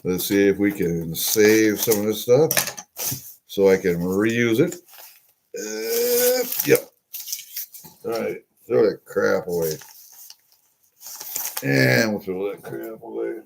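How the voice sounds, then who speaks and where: Opening packages at his desk on a live stream, an older man chats and rambles, welcoming viewers along the way. His low, gravelly voice is animated but slow, with frequent pauses, and the webcam picks up a little hiss or hum.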